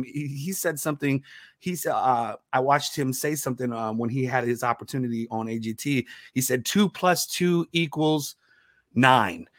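A man telling stories in a casual interview as a comedian guest, animated, laughing often and restarting his words. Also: mid-range voice, no echo, clean studio sound.

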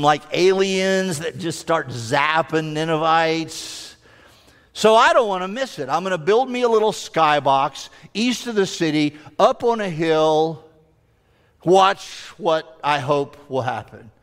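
A man preaching from a pulpit, spinning everyday stories with humor and lively turns. His voice sits a little high for a man, and a long hall reverb trails behind his words. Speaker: pastor. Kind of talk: sermon.

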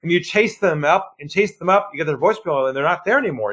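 A man being interviewed on a podcast as a sales trainer, telling stories and acting out phone calls, dropping his voice low for effect. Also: fast, slightly rough. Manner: animated storyteller, acts out phone calls, drops voice low for effect.

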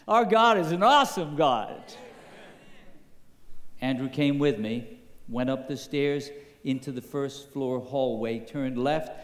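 A man preaching a sermon, telling a story slowly and building to emphatic high points. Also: darkish tone. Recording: echoey hall with long reverb.

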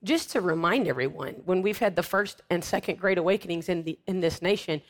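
A woman's voice: on the low side, a little fast. A woman, a guest preacher speaking in a talk show interview, emphatic and fervent with wry humor. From Florida, United States.

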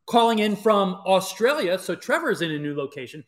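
A man's voice: high-pitched, sing-song, a little fast. A man hosting a live podcast, chatty with frequent fillers. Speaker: podcast host.

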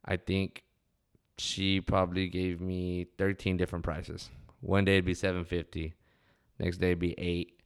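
Laid-back deep-voiced man. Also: monotone, measured pace, clean tone. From West Texas. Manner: laid-back, profane, laughing reminiscence. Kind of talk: casual storytelling monologue.

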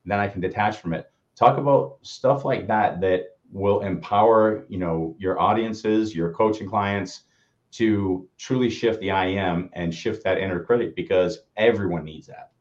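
A very low-pitched man speaks in an earnest, reflective way as co-host of a casual coaching chat. His audio comes through dull and lo-fi, with the top end muffled. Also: unhurried. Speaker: podcast co-host.

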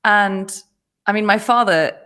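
A woman hosting a podcast, telling a personal story in casual conversation, animated and often laughing as she acts out what people said. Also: mid-range voice, measured pace. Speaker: podcast host.

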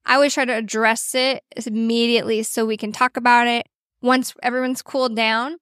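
Earnest woman podcast host, bright pitch. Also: brisk, clean tone, no echo, studio quality. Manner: earnest, animated storyteller. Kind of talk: casual podcast chat.

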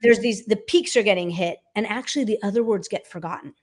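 Woman, vocal coach, casual interview, animated, mid-range voice. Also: mid-range voice, fast talker. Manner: animated, demonstrates by singing snippets.

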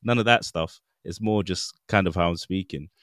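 A man co-hosting a podcast in casual chat, playful and quick to tease and mimic accents. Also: low-pitched, a bit bright, no room sound, clean studio sound. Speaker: podcast co-host.

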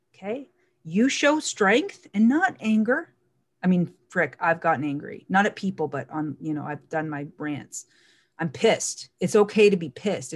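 A woman speaking in a casual monologue, emphatic and animated, often repeating words for stress. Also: fairly low pitch.

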